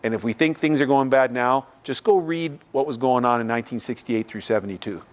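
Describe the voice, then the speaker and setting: A Canadian man with a mid-range voice speaks briskly as a visiting artist giving a lecture in a lecture room. His talk is loose and conversational, he takes questions, and he acts out other people's voices.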